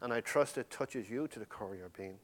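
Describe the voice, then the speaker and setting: Speaking directly to his congregation, a man preaches with fervor, shifting from forceful emphasis down to near-whispers. His voice is on the lower side, and he talks a little quickly.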